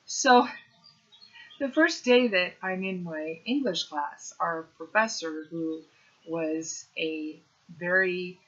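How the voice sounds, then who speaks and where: Middle-aged female comic, lively storyteller with wry asides; lowish voice, muffled lo-fi sound. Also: slow pace. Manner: animated, punchy delivery with playful asides. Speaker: stand-up comedian. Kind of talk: storytelling monologue.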